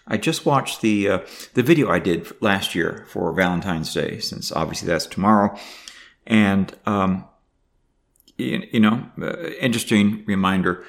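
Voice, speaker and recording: An older man talking to the camera in a personal video diary, halting and emotional, with many fillers and restarts. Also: deep voice, gravelly. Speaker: vlogger.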